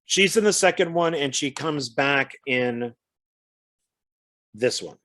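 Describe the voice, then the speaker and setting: A man's voice: medium pitch, expressive, takes it slowly, a bit bright. A man co-hosting a casual film chat, chatty and hesitant, often stumbling over his words. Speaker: co-host.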